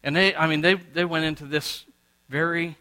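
Middle-aged pastor guy preaching, kinda high bright voice, acts out conversations, gets loud then hushed. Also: steady tone, normal speed. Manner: preaching with wide swings in pitch and loudness, acting out quoted exchanges. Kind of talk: sermon.

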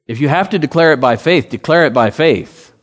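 A man's voice: on the high side, brisk, long reverb tail. A man preaching a sermon, telling a story with quoted dialogue and building to emphatic calls to the congregation. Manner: animated, rising to emphatic calls. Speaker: pastor.

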